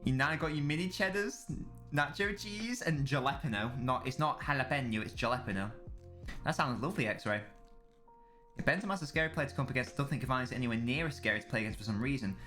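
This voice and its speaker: A man's voice: mid-range voice, lively intonation, quick pace, sharp tone, soft background music. A man chatting casually as a live streamer during a football watchalong, rambling and swearing freely while answering chat.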